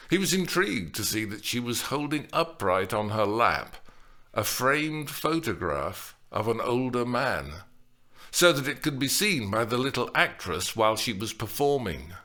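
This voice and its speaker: A man reading a comic novel aloud as an audiobook, with wry, expressive delivery. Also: on the low side. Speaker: audiobook narrator. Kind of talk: audiobook narration.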